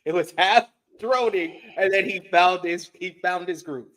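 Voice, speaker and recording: A man co-hosting a wrestling review, recapping events calmly, defending his opinions and reading out chat comments. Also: high-pitched, unhurried. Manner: calm, defends his view, laughs, reads chat comments. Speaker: co-host. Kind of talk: casual podcast recap.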